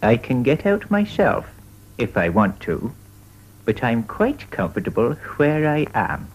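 A man voicing a proud, pompous talking potato man for a 1950s children's puppet show, speaking in a slow, stately, self-satisfied way. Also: mid-range voice, wildly swooping pitch, slightly rough, heavily acted. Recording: dull lo-fi 1950s television recording.

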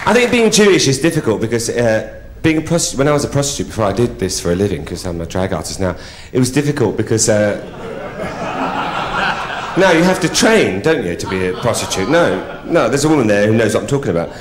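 Bawdy drag comic, lively up-and-down delivery, roomy theatre, crowd roaring. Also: male voice, mid-range voice, quick pace. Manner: bawdy, teasing, chatty with the audience. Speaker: drag artist. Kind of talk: live stand-up comedy.

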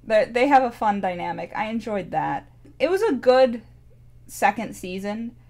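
A woman's voice: fairly high pitch, very animated, moderate pace, a little mellow. A young woman talking casually about a cartoon, rambling and gushing with many restarts. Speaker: show reviewer. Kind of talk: casual chat.

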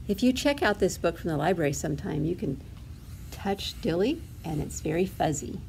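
A woman's voice: lowish voice, lively intonation, moderate pace, vocal fry, a little mellow, a little hiss or hum. A woman librarian reading a storybook aloud to toddlers in a sing-song way, asking the children questions as she goes.

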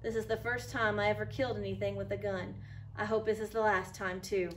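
A gentle, thoughtful young pioneer boy from a storybook, read aloud by a woman. The voice is soft and earnest, sits in a middle register and comes from a little way off the mic. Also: mid-range voice, little pitch movement, a little fast, distant mic, slight background noise, close to an everyday voice.

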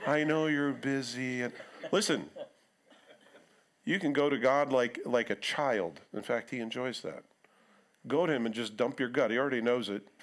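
A middle-aged man preaching in a church in a conversational tone. His voice sits at a medium pitch. He now and then acts out quotes in other voices. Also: animated, moderate pace, pauses often. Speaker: pastor. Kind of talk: sermon.

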